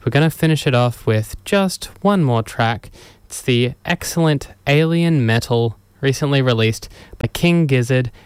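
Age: adult. Sex: man. Role: radio host. Style: casual on-air chat. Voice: smooth, dry studio sound. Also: mid-range voice, lively intonation, a little slow, no echo. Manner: rambling, chuckling, with many fillers and restarts. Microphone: studio microphone.

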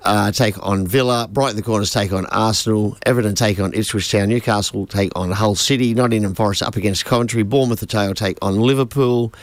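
A man's voice: fairly low pitch, steady tone, brisk, few pauses, dry recording. A man reading football scores on a radio show, casual and chuckling, with plenty of fillers. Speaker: sports segment co-host. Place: radio studio.

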